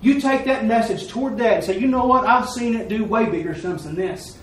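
A man with a high voice preaches a folksy testimony, acting out each voice in his story. He is picked up from well off the mic, so the sound rings around a roomy church, with a faint hiss underneath. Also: a little fast. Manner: folksy, acts out quoted dialogue. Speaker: lay preacher. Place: church service. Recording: echoey room, mic far off.

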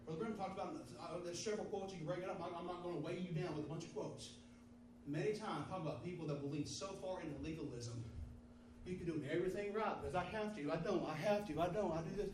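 Fervent high-voiced preacher. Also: male voice, fast, background noise. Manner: fervent, repetitive call-and-response preaching. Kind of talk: sermon. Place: church sanctuary. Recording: roomy, distant mic in a hall.

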